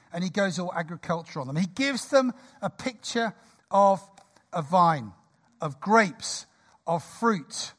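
A man in his sixties preaching a sermon in a church, lively, jokey and conversational. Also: high voice, measured pace. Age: 60s.

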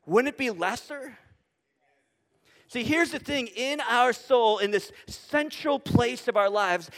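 A pastor with a high-pitched, fairly bright voice preaches a sermon to his congregation in a church sanctuary. He builds his points with emphatic repetition and rhetorical questions, and a long hall reverb fills the recording.

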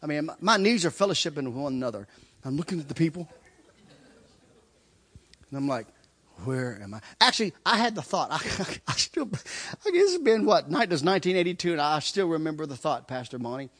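Guy telling his testimony story, keeps repeating himself, chuckles a lot, voice sits high and jumps around. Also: sing-song, fairly quick, a bit bright. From Kentucky. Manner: repeats phrases for emphasis, chuckles through the telling. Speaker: guest sharing his testimony. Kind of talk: animated personal testimony storytelling.

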